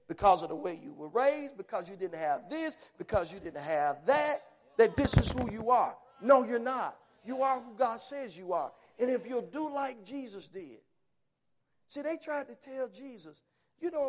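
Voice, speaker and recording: A man preaching a sermon, emphatic and punchy, telling folksy stories and asking rhetorical questions. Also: very high voice. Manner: emphatic, punchy short phrases.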